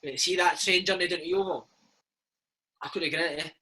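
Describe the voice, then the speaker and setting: A man's voice: sits high, fairly even intonation, brisk, pushed and bright, husky, low-quality recording. A Scottish man in his thirties, a former footballer telling stories in a casual interview, peppering his talk with "mate" and "man". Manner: chatty storyteller, peppers speech with "mate" and "man".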